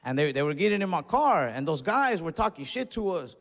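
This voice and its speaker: A man's voice: a little high, very animated, brisk. A young man doing stand-up and telling a long story in a laid-back, profane way. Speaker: stand-up comedian. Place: comedy club stage. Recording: long reverb and faint noise, club stage.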